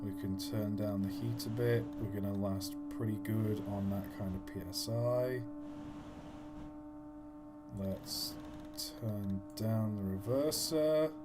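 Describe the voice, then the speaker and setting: A man's voice: on the low side, slow pace, loud music behind the voice. A man chatting casually while playing a game on a livestream, self-mocking and playful. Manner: self-mocking, chatty, trying out silly voices. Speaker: streamer. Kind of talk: casual gameplay livestream commentary.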